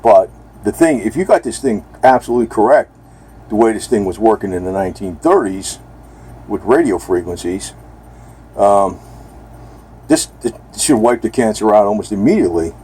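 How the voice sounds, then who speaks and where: A man's voice: on the low side, expressive, normal speed, warm tone, husky. A man talking casually and bluntly in a rambling home video, now and then speaking to his cat. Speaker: vlogger.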